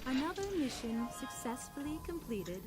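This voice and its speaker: Self-assured game heroine. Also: female voice, high-pitched, expressive, normal speed, darkish tone, faint music behind. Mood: smug.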